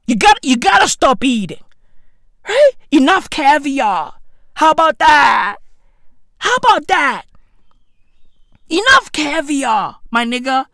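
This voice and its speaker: A high-pitched woman rants in a profane, exaggerated comic style. Her voice leaps up and down as she drags out her words at an unhurried pace. The sound is dry and close, with no room around it. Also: big pitch swings, a bit bright, no room sound. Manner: profane, exaggerated, rapid-fire slang. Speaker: comic vlogger. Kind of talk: comedic rant.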